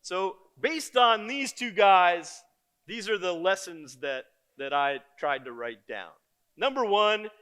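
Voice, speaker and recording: An older man giving a conference keynote, telling stories in a lively, joking and blunt way. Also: high-pitched. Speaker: keynote speaker. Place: conference stage before an audience.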